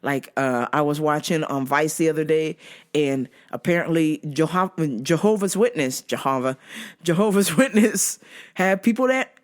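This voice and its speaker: A woman's voice: low-pitched, moderate pace. A woman hosting a podcast, telling a story in a blunt, profane, casual way and laughing as she goes. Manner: animated, blunt and swearing, laughing through the telling. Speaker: podcast host.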